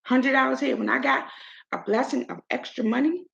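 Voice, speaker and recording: A woman hosting her own show, giving an outspoken, animated commentary. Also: high-pitched, brisk, creaky, lo-fi sound. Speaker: show host. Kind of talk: casual commentary monologue.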